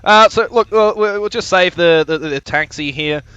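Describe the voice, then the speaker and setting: Guy streaming and talking over his flight vid, kinda high voice, swears a lot, lots of ums. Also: moderate pace, a bit bright, clear, resonant tone, no room sound, muffled recording. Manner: profane, joking, rambling with many fillers. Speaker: streamer commentating his own flight video. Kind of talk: casual live-stream commentary.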